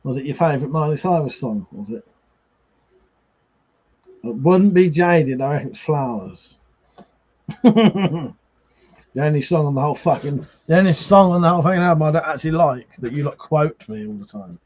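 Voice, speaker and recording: A man's voice: fairly high pitch, animated, moderate pace, pauses often. Tipsy, sweary man on a livestream. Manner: sweary, laughs often. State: drunk. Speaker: livestream host. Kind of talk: casual chat reading out viewer comments. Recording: slightly muffled livestream audio.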